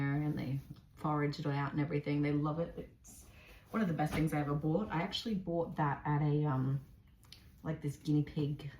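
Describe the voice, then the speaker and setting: A woman with a low, slightly mellow voice and an Australian accent chats casually as she cleans a large pet cage indoors, filmed by a phone resting on a cage shelf. A pet vlogger, she rambles on and slips into sing-song baby talk for her animals. The room is echoey with faint noise.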